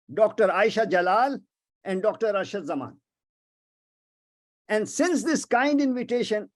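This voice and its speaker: Older Pakistani man giving a formal online lecture. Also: very high-pitched. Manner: measured and formal, with frequent hesitations. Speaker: guest speaker. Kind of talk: formal academic webinar lecture. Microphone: video call.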